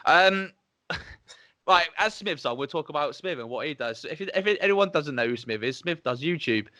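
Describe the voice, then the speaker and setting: A man's voice: on the high side, expressive, moderate pace, sharp tone, dry recording, studio quality. A man in his twenties with a Dorset accent, hosting a podcast in a casual, chatty way and swearing freely. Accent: Dorset English. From Dorset, England. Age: 20s. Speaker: podcast host. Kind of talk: casual chat.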